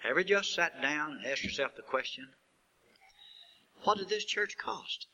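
A man preaching a sermon who builds to emphatic peaks and asks rhetorical questions, stretching out key words slowly. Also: fairly high pitch, lively intonation, pushed and bright, muffled recording. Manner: slow drawn-out stresses on key words.

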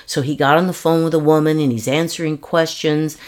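An older woman telling her personal story in an interview, earnest and halting, often restarting her sentences. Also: sits low, fairly even intonation, darkish tone.

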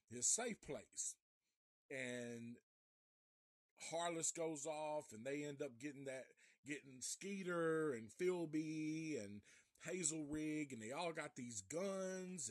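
A man's voice: a little high, dry recording, studio quality. A man recapping a film in a casual live review, profane and rambling with many restarts.

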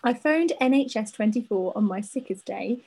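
A woman co-hosting a chatty podcast, reading out a listener's letter with an animated, giggly delivery. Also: fairly high pitch, normal speed, gravelly, husky, poor audio. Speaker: podcast co-host.

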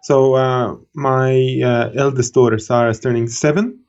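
A man in his thirties, co-hosting a podcast, telling a story in a casual, animated way with laughter. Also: mid-range voice, a little slow, dull audio. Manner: animated, laughing, acts out quoted voices. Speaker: podcast co-host.

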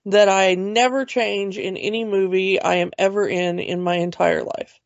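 A woman's voice: medium pitch, steady tone, moderate pace, creaky, no room sound, dull audio, close to an everyday voice. A woman doing a Scottish actor impression. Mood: mock-boastful. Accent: Scottish, put on. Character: impression of a famous Scottish actor, man, unbending and self-assured.

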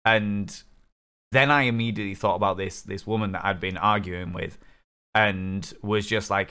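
A man's voice: on the low side, steady tone, moderate pace, sharp tone, clean tone. A man hosting a casual podcast interview, talking in an earnest, rambling, impassioned way. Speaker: podcast host.

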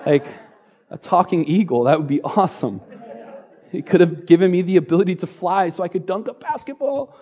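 Male pastor, lively sermon delivery, jokes, slightly higher voice, church stage. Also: a little fast. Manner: playful, energetic preaching with jokes and repetition.

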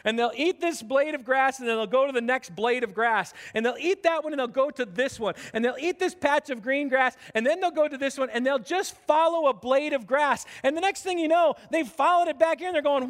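A man's voice: very high-pitched, brisk, few pauses, fairly bright tone. A man, a pastor, preaching a conversational sermon in a church, with earnest talk and frequent restarts. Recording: long hall reverb.

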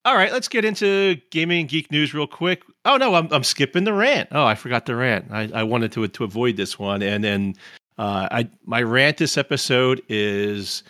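A middle-aged man chatting loosely as a podcast host, his voice bright and forward, recorded close and dry with no room around it. He rambles, pokes fun at himself and breaks into laughter often. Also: medium pitch, animated, normal speed, dry recording. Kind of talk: casual podcast chat.

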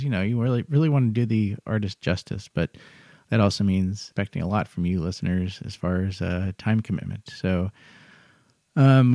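Male podcast host, low, gravelly, dry close sound, chatty and self-deprecating. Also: mellow, no echo. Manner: rambling, self-deprecating, many fillers. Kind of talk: casual podcast chat.

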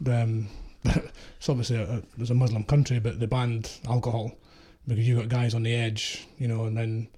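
A man's voice: medium pitch, flat delivery, normal speed, few pauses, warm tone. A middle-aged man from Scotland with an East Coast Scottish accent, a former security contractor telling blunt, sweary war stories in casual chat. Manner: blunt, sweary storytelling with laughs.

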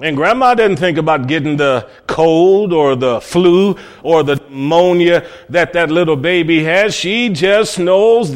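A man from Cleveland, Ohio, preaching a sermon with folksy stories, swinging between loud cries and low murmurs. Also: lively intonation, measured pace, hardly any pauses. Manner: folksy storytelling.

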